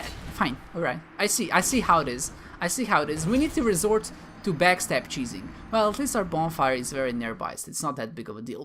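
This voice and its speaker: A man's voice: fairly high pitch, bright, forceful tone, a little hiss or hum. A man giving playful, self-mocking commentary as he plays a game, talking back to enemies. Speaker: gamer, video host. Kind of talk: live gameplay commentary.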